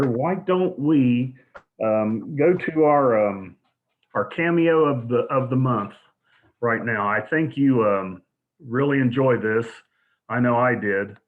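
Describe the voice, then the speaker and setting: Hesitant male host, lo-fi sound. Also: mid-range voice. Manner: hesitant, many ums and uhs, chatty. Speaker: show host. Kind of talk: casual online show hosting. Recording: phone-like lo-fi audio.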